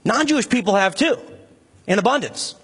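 A man's voice: lively intonation, normal speed, fairly bright tone, husky. A man preaching a sermon as a pastor, speaking with passion and rising emphasis. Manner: impassioned, rising to emphatic high pitch when stirred.

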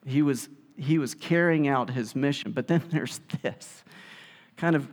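A man preaching a sermon, telling the story in a lively way and acting out the quotes. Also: mid-range voice, measured pace. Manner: animated storytelling, acts out quotes. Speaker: pastor. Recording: long hall reverb.

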